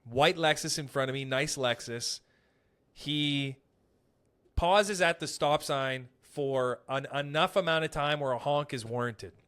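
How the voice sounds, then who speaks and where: A young man hosting a casual podcast, telling stories in an animated, profane way. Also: fairly high pitch, unhurried, clear, resonant tone. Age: young adult. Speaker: podcast host; comedian.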